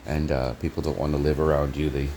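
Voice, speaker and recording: A man with a low, deep voice and a Canadian accent talks to a handheld camera in a small apartment kitchen. He rambles and halts, trails off with fillers, and speaks fondly in pet names. There is a faint hiss of noise behind him. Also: level tone, mellow. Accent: Canadian English. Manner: halting, full of fillers and trailing restarts; affectionate, talks in pet names to an absent listener and his cat. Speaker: vlogger. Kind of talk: rambling home vlog talk to camera.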